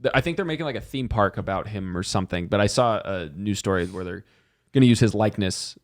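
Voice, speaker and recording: Male podcast host, casual, rambling, low voice. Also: lively intonation, fast.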